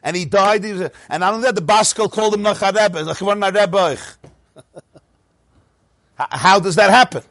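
A middle-aged man giving a Torah lecture, animated, often asking rhetorical questions and repeating words as he explains. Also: high voice, unhurried, pauses often, no echo, clean studio sound. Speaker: teacher of Torah.

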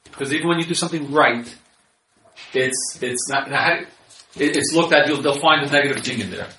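A man's voice: on the high side, animated, quick pace, bright, forceful tone, a little hiss or hum. A man counseling on marriage in a conversational lecture, often repeating words as he restarts and acting out bits of example dialogue. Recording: echoey room, mic at a distance.

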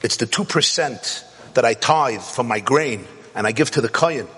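A man teaching a Torah class, animated and rising to shouts to stress a point. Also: mid-range voice, normal speed, husky, big-room sound. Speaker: rabbi.

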